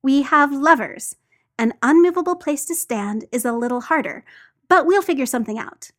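Casting: woman doing a dry, sardonic team leader, slightly high voice. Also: lively intonation, normal speed. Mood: wry. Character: wry, weary male team leader.

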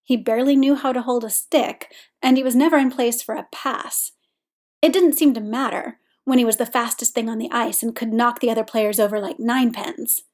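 Brief: woman audiobook reader, a touch high, steady pace. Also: fairly quick. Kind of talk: scripted narration.

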